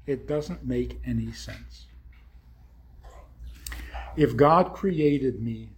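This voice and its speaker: A man's voice: mid-range voice, drawn-out words, noisy background. A man giving a sermon-like talk, firing off rhetorical questions in short punchy phrases.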